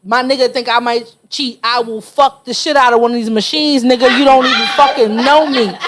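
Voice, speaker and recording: A woman's voice: a little high, steady tone, brisk. A woman in her late thirties talking bluntly and emphatically, swearing freely in a casual podcast chat. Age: 30s.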